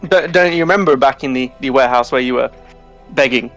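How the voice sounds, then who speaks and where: A man's voice: medium pitch, fast, fairly bright tone, soft background music, close to an everyday voice. A man voicing a wry adventurer who scolds a crewmate, with a dry, reproachful manner.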